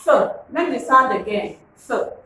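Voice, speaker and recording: Slow, echoey woman teaching phonics. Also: on the high side, expressive, sharp tone, slight background noise. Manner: slow, drilling, repeats words and asks to pronounce. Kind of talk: classroom phonics lesson. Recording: echoey room, voice from far off.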